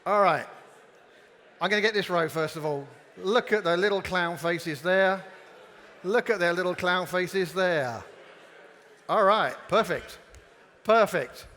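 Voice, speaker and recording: A man with a high, slightly bright voice gives a playful, joking talk at a conference, leading the live audience in participation games. He speaks unhurriedly with frequent pauses, and the hall adds a long reverb.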